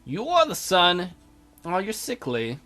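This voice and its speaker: A man's voice: high-pitched, huge pitch swings, takes it slowly, pushed and bright, faint music behind. A man hosting a strategy game let's play with casual, crude, joking commentary.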